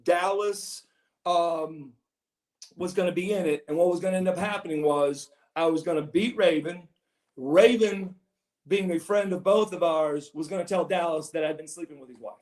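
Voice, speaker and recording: Brief: male podcast guest, rambling storyteller, high voice, roomy echo. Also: moderate pace, darkish tone. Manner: meandering, repeats words, says "bro". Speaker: podcast guest, former pro wrestler.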